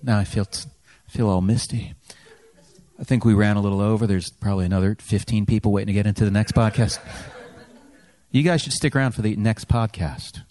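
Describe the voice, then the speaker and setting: A man's voice: fairly low pitch, fairly even intonation, brisk, mellow. A man hosting a live comedy podcast on stage, teasing his guests in a dry way. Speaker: podcast host. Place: on stage before a live audience.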